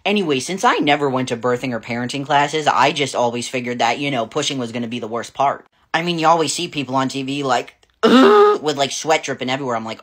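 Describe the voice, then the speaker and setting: Frank, laughing woman telling a story. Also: extremely low pitch. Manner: frank and profane, laughing often. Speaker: parent vlogger. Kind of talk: casual storytelling to camera.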